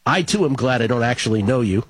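A man at a middle pitch hosts a sports betting show and reads listener tweets in a wry, joking tone. His voice sounds strongly rough and hazy, with little clarity, and he rattles off names and stats quickly. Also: lively intonation, dry recording. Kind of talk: casual chat, reading listener tweets and an ad read.

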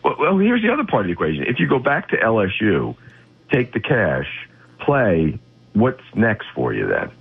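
A man's voice: fairly low pitch, wildly swooping pitch, moderate pace, vocal fry, husky. A man speaking as a guest football analyst on sports radio, blunt, opinionated and emphatic, heard over a phone line.

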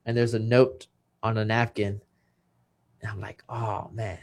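A man's voice: fairly low pitch, flat delivery, measured pace, darkish tone. A man, a retired boxer, telling a personal story in an earnest, emotional way and quoting the people in it. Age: 30s. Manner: emotional, earnest, quotes others' words. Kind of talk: personal storytelling in casual chat.

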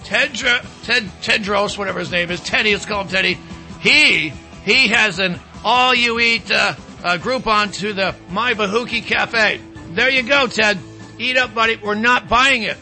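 High bright-voiced male radio host. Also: measured pace, faint music behind. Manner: rambling, mocking, animated asides. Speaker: radio talk show host. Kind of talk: political talk radio monologue.

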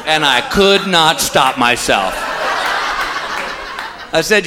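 A man's voice: fairly high pitch, animated, takes it slowly. A man doing folksy stand-up comedy before a live audience, telling stories that build to a repeated punchline. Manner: folksy storytelling with punchline refrains. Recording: live stage audio with crowd noise.

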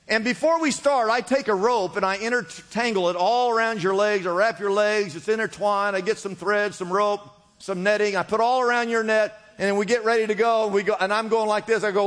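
A man preaching a sermon to a congregation, calling out to the crowd and swinging between loud emphasis and quiet drops. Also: high-pitched, moderate pace, few pauses. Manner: preaching with call-and-response, rising and dropping emphasis. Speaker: pastor. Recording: long reverb of a large hall.

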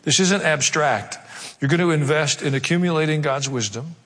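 A pastor preaching a sermon, emphatic and conversational, repeating key phrases. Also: male voice, on the high side, normal speed, a bit bright. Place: large church hall. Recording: long hall reverb.

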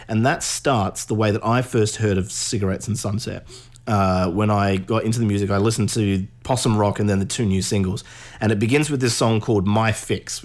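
A young man hosting a music radio show, talking in a loose, rambling way and swearing now and then. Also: on the low side. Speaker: radio host. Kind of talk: casual radio chat.

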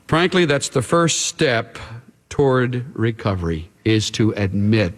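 A man's voice: medium pitch, very animated, measured pace, in a large hall. A male pastor preaching an emphatic sermon, addressing the congregation directly.

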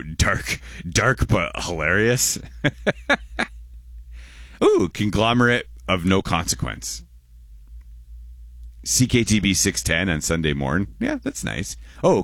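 A man's voice: sits low, fairly bright tone, dry recording, studio quality. A Canadian man in his forties hosting a radio show in casual chat, rambling and restarting his words, often chuckling.

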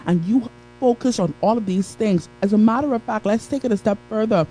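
A woman's voice: on the high side, expressive, normal speed, warm tone, faint music behind, low-quality recording. A woman giving an emphatic motivational talk on a live stream, repeating key phrases and greeting viewers by name.

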